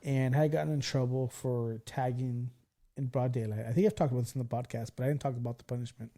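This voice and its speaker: A man in his thirties hosting a podcast, telling a story in casual chat, animated, laughing and swearing freely. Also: medium pitch, quick pace. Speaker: podcast host.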